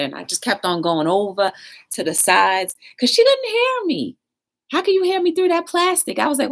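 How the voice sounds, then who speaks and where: A woman with a low speaking voice that swings widely in pitch, hosting a casual live-stream talk show. She tells stories in an animated, slangy way and breaks off to greet people in the chat. Now and then she drifts away from the mic. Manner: animated storytelling, reads chat aloud, slangy.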